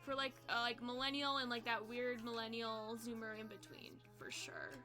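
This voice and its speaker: A woman in her twenties chatting casually with her live chat as a streamer, swearing, laughing often and saying "like" a lot, with a quiet song playing behind her. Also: a little high, lively intonation, moderate pace, faint music behind. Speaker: livestreamer. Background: quiet pop song playing.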